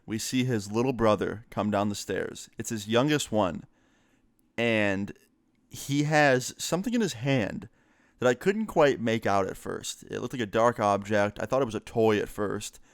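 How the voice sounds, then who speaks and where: A man with a mid-pitched, resonant voice tells a story in a relaxed, chatty way. He swears freely and leans on fillers. The sound is dry and close. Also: smooth, no echo. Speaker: storyteller vlogger. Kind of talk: casual storytime narration.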